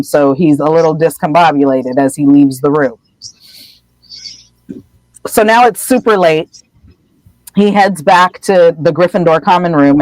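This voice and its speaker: A woman co-hosting a podcast, casually recapping a story in an animated way and slipping into voices. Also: low-pitched, dry recording, rough recording. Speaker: podcast co-host.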